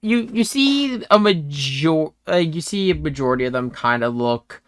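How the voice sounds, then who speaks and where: Halting game-master man, dry sound. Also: a little high, expressive, smooth, no echo. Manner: halting, full of fillers and restarts. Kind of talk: narrating a tabletop game.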